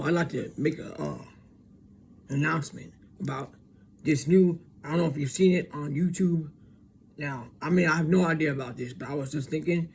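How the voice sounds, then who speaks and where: A man's voice: fairly high pitch, a little mellow, a little hiss or hum. A man hosting his own podcast, ranting in a rambling, profane, suspicious monologue full of stammered restarts. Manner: profane, conspiratorial, halting with restarts. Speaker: podcast host.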